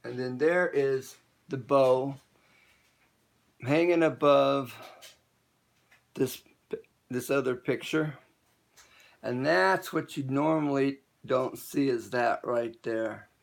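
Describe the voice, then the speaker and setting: Guy live streaming on his phone from a room, slow and gravelly, keeps restarting what he says. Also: medium pitch. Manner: halting, rambling, many restarts. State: hiccups. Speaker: home improvement vlogger. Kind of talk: casual live stream chat. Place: indoor room he records in.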